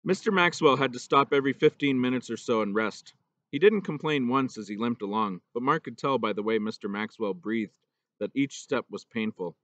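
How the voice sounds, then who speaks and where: A man reading a children's novel aloud in steady, measured storybook narration. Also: mid-range voice, no echo, highs cut off. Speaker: audiobook reader.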